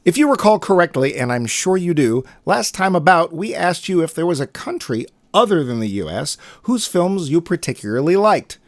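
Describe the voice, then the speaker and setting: A man's voice: a little high, very animated, normal speed, few pauses. A man co-hosting a casual film podcast, playful, reading listener answers aloud. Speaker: podcast co-host.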